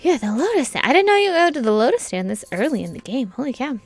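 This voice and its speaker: A woman hosting a gaming channel, commenting casually and excitedly while she plays, often laughing. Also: high voice, fast talker, no room sound, faint music behind. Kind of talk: casual let's play commentary.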